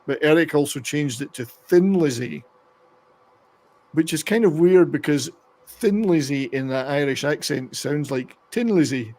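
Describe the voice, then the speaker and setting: A man's voice: fairly high pitch, unhurried, a little mellow. A man hosting a podcast who chats casually about rock history, rambling a little and reading out excerpts. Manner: rambling, reads excerpts aloud. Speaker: podcast host. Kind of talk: casual music chat.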